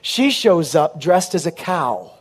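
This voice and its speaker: A man preaching a sermon as a comic story, punchy and animated, with quick asides to the crowd. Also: a little high, slightly rough.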